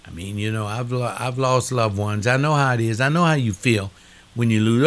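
A man's voice: medium pitch, moderate pace. An older man delivering a preaching monologue, emphatic, repeating phrases with a rising preacher's cadence.

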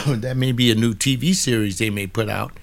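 A man's voice: medium pitch, moderate pace, creaky, fairly bright tone. An older man, casually commenting on a book in a blunt, preachy way, often arguing with an imagined listener.

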